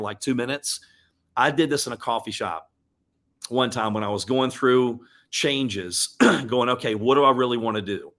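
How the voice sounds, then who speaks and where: Hosting a motivational live stream, a man speaks earnestly and emotionally in a mid-range, slightly bright voice. He is picked up by a webcam or desk mic.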